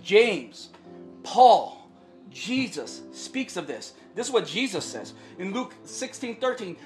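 A woman's voice: a little high, expressive, measured pace, soft background music. A woman pastor preaching a sermon in an earnest way, repeating phrases for emphasis and often checking in with the congregation.

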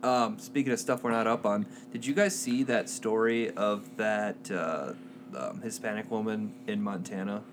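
A man's voice: on the low side, normal speed, a little hiss or hum. A man co-hosting a podcast, telling stories in casual chat and laughing often. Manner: rambling storyteller, laughs often. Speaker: podcast co-host. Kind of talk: casual chat among friends.

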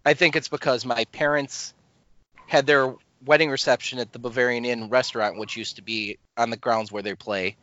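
Bright-voiced rambling male podcast host. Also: mid-range voice, fairly even intonation, moderate pace, no echo. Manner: rambling, self-deprecating, many restarts. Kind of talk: casual chat. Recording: slightly dull lo-fi podcast audio.

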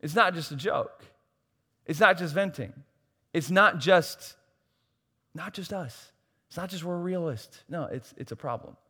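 A male pastor preaches with emphatic, repeated phrases and wry asides at his own expense. His voice sits a little higher than most men's. A long reverb trails behind him from a large hall. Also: expressive, unhurried, long pauses, bright, forceful tone, husky. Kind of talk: sermon.

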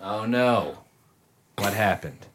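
A man's voice: lowish voice, lively intonation, takes it slowly, a bit bright. A man in casual chat among friends, mumbling and trailing off, laughing at himself.

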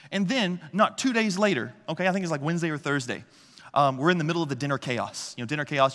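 A man with a bright, slightly high voice gives a conversational sermon from the pulpit. He tells lively stories and keeps asking the room "right?" The sound rings with the long reverb of a large hall. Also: fast talker. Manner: animated storytelling with frequent "okay?" and "right?" check-ins. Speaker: pastor.

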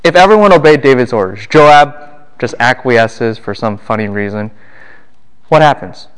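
A man lecturing a class on the Bible, animated and full of rhetorical questions. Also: mid-range voice, normal speed, clear, resonant tone.

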